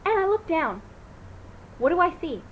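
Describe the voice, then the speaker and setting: A teenage girl vlogging at home into her laptop, telling a story in an animated, chatty way full of "like" and fillers. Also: very high-pitched, normal speed, poor audio. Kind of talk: casual chat to camera. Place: at home, indoors.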